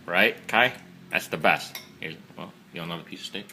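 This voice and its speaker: A man's voice: low voice, fairly quick, bright, forceful tone, slight background noise. A father chatting playfully with his young child over a meal at home, teasing and coaxing, recorded on a phone set on the table. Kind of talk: casual chat with his child during a meal. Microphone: phone propped up on the table.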